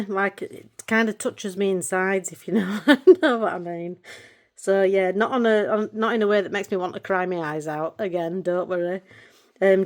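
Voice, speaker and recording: A woman's voice: mid-range voice, darkish tone. A middle-aged woman chatting casually about her colouring books. She gets emotional easily and laughs a lot. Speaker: colouring channel vlogger. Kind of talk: casual chat showing books.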